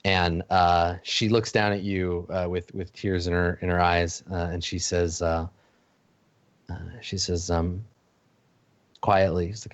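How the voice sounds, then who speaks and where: A man narrating a tabletop game as game master, halting, with many fillers and restarts. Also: sits low, little pitch movement, dry recording. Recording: dull lo-fi dry audio.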